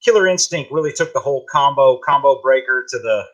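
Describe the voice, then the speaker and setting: A man chats on a podcast in a bright, forceful voice. His pitch moves up and down a lot as he talks, which gives him a lively, animated sound. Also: brisk, dull audio. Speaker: podcast co-host. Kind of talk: casual podcast chat.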